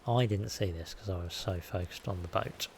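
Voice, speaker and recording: A man's voice: low-pitched, moderate pace, gravelly, a little hiss or hum. A man live-streaming a video game, chatting and rambling casually with self-deprecating asides.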